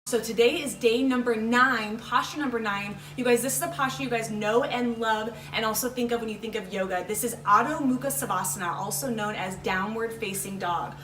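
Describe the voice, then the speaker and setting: A woman leading a yoga class, calmly cueing poses and breaths and cheering her viewers on. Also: on the high side, brisk, hardly any pauses, noisy background. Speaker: yoga instructor. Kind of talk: guided yoga instruction. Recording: roomy echo.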